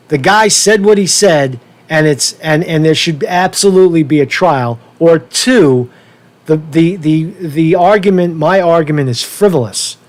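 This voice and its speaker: A man hosting a casual livestream rant, worked up and talking fast to his viewers, often repeating and restarting his words and swearing now and then. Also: a little high. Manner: asks viewers for feedback, profane. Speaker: livestream host.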